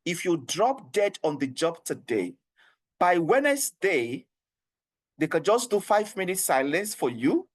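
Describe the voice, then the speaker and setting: A man with a Nigerian English accent runs an online HR training, his voice sitting a little on the high side. He coaxes and repeats himself earnestly. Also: very animated, a little slow. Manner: earnest, repetitive and coaxing, with frequent laughs.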